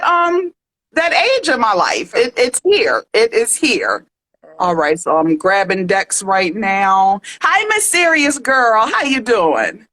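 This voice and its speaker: Bright, chatty woman hosting a livestream. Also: high-pitched. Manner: chatty, greets viewers with terms of endearment. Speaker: livestream host. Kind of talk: casual livestream chat.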